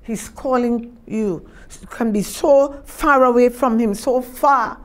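A woman minister with a Trinidad and Tobago accent delivers a sermon in a high, bright voice. She preaches with fervor, repeating phrases and breaking in with hallelujahs. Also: slow pace. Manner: fervent preaching with frequent hallelujahs.

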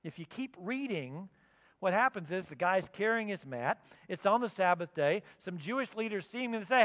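A man preaching a sermon as pastor, telling the story with lively acted-out quotes. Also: high voice, moderate pace. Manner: animated storytelling, acting out quotes. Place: church sanctuary. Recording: long reverb of a church hall.

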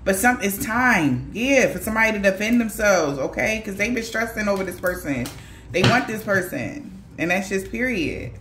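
A woman's voice: medium pitch, expressive, normal speed, fairly bright tone, a little hiss or hum. A woman doing a casual tarot reading for viewers, talking bluntly in slangy, profane speech with laughing asides. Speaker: tarot reader. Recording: echoey room.

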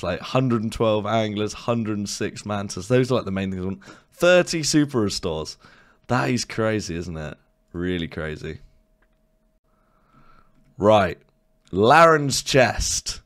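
A young man with a hoarse, worn voice, commenting excitedly on his own gameplay and cursing at his bad luck. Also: medium pitch. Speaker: gaming video creator.

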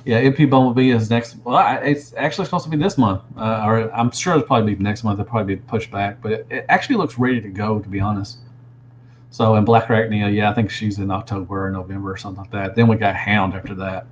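A man's voice: on the low side, fast, highs cut off, a little hiss or hum. A man chatting casually as a toy reviewer, rambling and answering viewers as he goes. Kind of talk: casual livestream chat.

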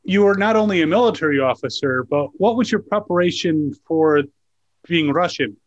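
A man's voice: on the high side, expressive, normal speed, dry recording. A man interviewing a guest, asking long, searching questions. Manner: rambling, searching questions with fillers. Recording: dull dry lo-fi sound.

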